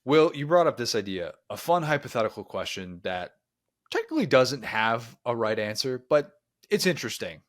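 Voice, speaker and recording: A man's voice: mid-range voice, big pitch swings, moderate pace, dry recording, clean studio sound. A man in his thirties from the Chicago suburbs hosting a casual sports podcast interview in an easygoing, chummy way. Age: 30s. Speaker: podcast host.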